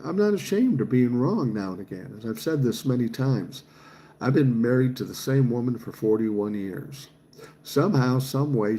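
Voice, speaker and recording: A man's voice: mid-range voice, dark tone, slight background noise. A man, chatting casually on a livestream and reading viewer comments aloud, swearing freely. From Minnesota, USA. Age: 60s. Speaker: livestream host reading chat.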